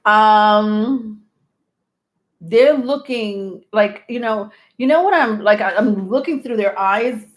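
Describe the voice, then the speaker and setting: A woman's voice: mid-range voice, slow, roomy sound. A woman giving a casual live tarot reading, chatty and loose, with many fillers and frequent laughs. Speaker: tarot reader.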